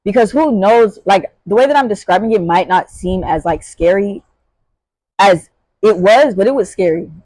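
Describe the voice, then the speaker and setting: A young woman telling a story in a casual vlog, animated and slangy, with full of fillers, jumping into high shouts when acting out scenes. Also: moderate pace, dry recording, rough recording. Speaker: vlogger.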